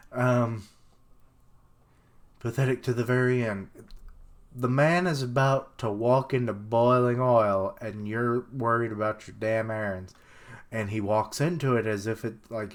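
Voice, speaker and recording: A man's voice: medium pitch, a little slow. A young man on a live stream reacting casually to a comic chapter, reading dialogue aloud and swearing now and then.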